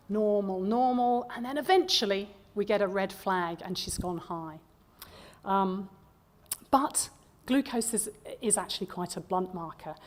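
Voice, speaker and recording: A woman's voice: medium pitch, darkish tone. A woman researcher giving a conference presentation. She speaks conversationally, with frequent "um"s and repeated words as she talks the audience through her slides. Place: conference hall.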